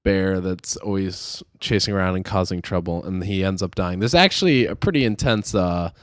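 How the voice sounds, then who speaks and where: A man's voice: deep voice, moderate pace, no echo, studio quality. A young man co-hosting a podcast, chatting casually and rambling through a movie plot with plenty of fillers. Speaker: podcast co-host. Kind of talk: casual chat.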